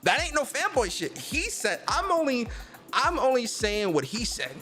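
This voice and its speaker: A man hosting a casual gaming news livestream, talking in a slangy, animated way and reading out chat comments. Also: extremely high pitch, moderate pace, soft background music. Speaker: host of a gaming news stream.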